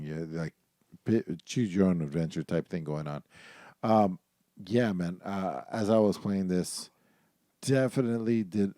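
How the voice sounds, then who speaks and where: Deep, mellow-voiced man in laid-back chat. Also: no room sound, clean studio sound. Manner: laid-back, rambling with many fillers. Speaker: podcast co-host. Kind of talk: casual chat.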